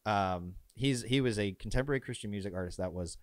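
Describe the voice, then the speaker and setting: A man hosting a podcast, a pastor chatting casually, telling stories in an animated way with laughs and quick put-on voices. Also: fairly low pitch, dry recording, studio quality. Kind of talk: casual conversation.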